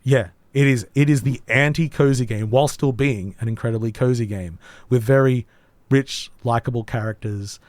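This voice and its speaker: Hoarse podcast host, dry sound. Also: male voice, medium pitch, moderate pace, a little mellow, no room sound. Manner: rambling, thoughtful, many ums. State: hoarse, voice nearly gone. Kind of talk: casual game review chat.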